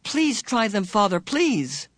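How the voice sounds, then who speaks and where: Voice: mid-range voice, sing-song, slow, a bit bright, no echo, voice pushed up, full character voice. A narrator voicing a desperate, determined young teenage girl who pleads and cries out urgently in an audiobook. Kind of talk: audiobook character voice.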